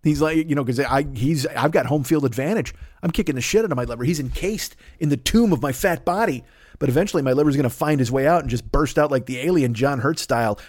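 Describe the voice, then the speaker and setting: A podcast host in his fifties speaks at medium pitch in a dry recording with clean studio sound. He rambles through a crude comic monologue, telling it with animation.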